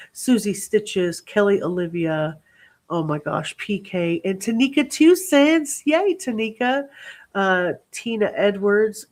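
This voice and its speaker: A woman hosting a casual livestream, reading out viewer names and thanking them in a bubbly, chatty way with asides as she scrolls through comments. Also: fairly low pitch. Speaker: livestream host.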